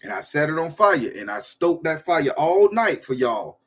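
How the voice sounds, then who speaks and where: A man's voice: on the high side, sing-song, normal speed, a bit bright, husky. A man from Florida, hosting a casual livestream and rambling loosely to his viewers. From southern Florida. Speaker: livestream host.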